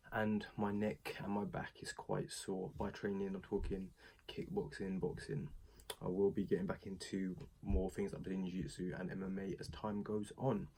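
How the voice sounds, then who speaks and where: Low, flat-voiced British man rambling. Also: slightly rough. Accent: British English. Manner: rambling, chatty, with frequent fillers and asides. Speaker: wrestling show reviewer. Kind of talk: casual recap vlog.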